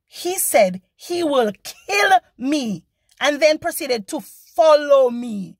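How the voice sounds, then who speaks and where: A woman vlogger telling a story in a casual, animated and indignant way, acting out the people she quotes. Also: high-pitched, slow pace, dry recording.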